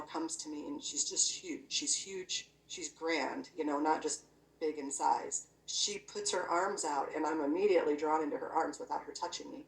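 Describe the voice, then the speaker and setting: A woman's voice: low-pitched, creaky. A woman earnestly recounting a personal spiritual experience in casual, conversational storytelling, often using "you know" and "I'm like". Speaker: guest sharing a near-death experience. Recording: echoey room, voice from a distance.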